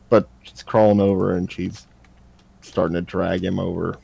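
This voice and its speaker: A man runs a tabletop game and narrates it in a laid-back, joking way. His voice is gravelly and mellow. The sound is dry and close. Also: fairly low pitch, steady tone, unhurried, no room sound. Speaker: game master.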